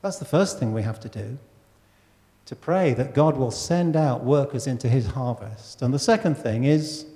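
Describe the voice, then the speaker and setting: This pastor's voice is medium-pitched and mellow. He preaches to his church in a conversational way, posing questions to the congregation, with the hall giving off a long reverb.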